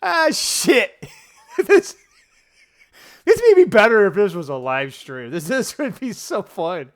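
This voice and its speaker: A middle-aged man rambling to camera in a casual political vlog, swearing, laughing often and wandering off on tangents. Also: clean tone. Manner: profane, laughing, tangent-prone, animated swings in pitch. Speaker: political vlogger. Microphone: camera close up at a desk.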